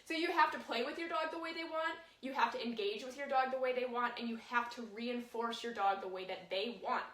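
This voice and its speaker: Woman, dog trainer, casual lesson, slightly high voice, roomy echo. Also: fairly quick, a bit bright. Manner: chatty, demonstrates with her dog as she explains. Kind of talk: casual instructional talk. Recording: echoey room, voice from a distance.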